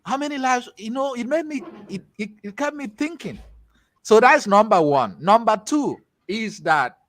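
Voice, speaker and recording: A man from Nigeria with a Nigerian accent, teaching a tech class in a chatty, animated way with pidgin asides. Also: very high-pitched, normal speed. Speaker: tech instructor. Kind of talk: casual class talk with storytelling.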